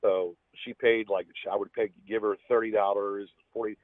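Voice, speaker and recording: A man with a husky voice, a podcast guest telling a personal story in a rambling way, restarting his sentences often. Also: fairly low pitch, flat delivery, normal speed, dry recording. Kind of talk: casual storytelling. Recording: tinny, phone-like dry sound.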